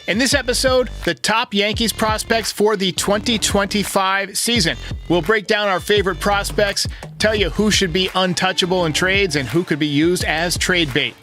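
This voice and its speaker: A man hosting a sports podcast, talking in an energetic, upbeat way and laughing easily. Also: sits high, normal speed, soft background music. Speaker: podcast host. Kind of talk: casual sports podcast talk.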